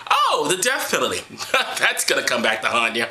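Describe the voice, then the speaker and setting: Man, sarcastic, profane, very animated pitch, bright tone. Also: a little fast. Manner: mocking, ranting, profane. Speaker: vlogger reading the Bible. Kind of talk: sarcastic comedic Bible commentary.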